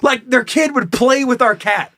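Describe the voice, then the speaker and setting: A man co-hosting a podcast, telling profane stories with lots of energy and bursting into shouted mock voices. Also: extremely high pitch, moderate pace, no room sound. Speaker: podcast co-host. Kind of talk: casual comedic chat.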